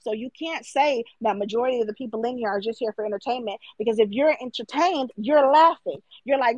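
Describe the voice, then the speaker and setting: A woman's voice: a little fast, few pauses, a little mellow, no room sound, highs cut off. Emphatic, mocking young woman arguing. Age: 20s. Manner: emphatic, mocking, mimics commenters in a higher voice. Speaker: livestream guest. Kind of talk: heated debate.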